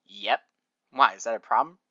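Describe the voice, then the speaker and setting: A man's voice: mid-range voice, moderate pace, bright, forceful tone, no echo, lo-fi sound. A man playing a playful young caretaker in a fan fiction reading, teasing and over the top. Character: young man caring for an injured pony.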